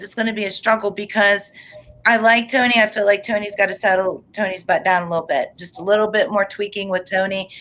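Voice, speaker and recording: A woman's voice: mid-range voice, fairly bright tone, low-quality recording. A woman doing a live psychic reading, chatty and emotional, laughing often. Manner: chatty, effusive, frequent laughter; earnest and emotional.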